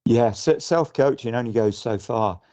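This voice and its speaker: A man's voice: mid-range voice, normal speed, warm tone. A middle-aged man from the UK, a guest sailor on a casual podcast, speaking thoughtfully with frequent restarts and fillers. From United Kingdom. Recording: muffled lo-fi audio.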